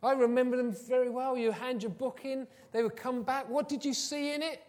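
Pastor preaching in a reverberant hall. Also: male voice, fairly even intonation, fairly quick. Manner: warm storytelling, swings from soft and low to loud and emphatic. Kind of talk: sermon.

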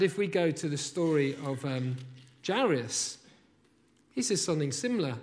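A man preaching a sermon, emphatic, rising to loud repeated phrases and then dropping soft. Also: sits high. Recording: long hall reverb.

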